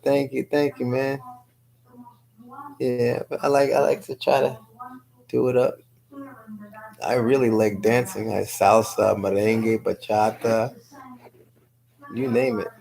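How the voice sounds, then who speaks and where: A woman's voice: rumbling low, fairly even intonation, measured pace, creaky, long pauses, warm tone, low-quality recording. A woman from New City, chatting casually as a guest on a live stream, laughing often and answering viewers by name. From New York City. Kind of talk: casual chat, reading viewer comments aloud.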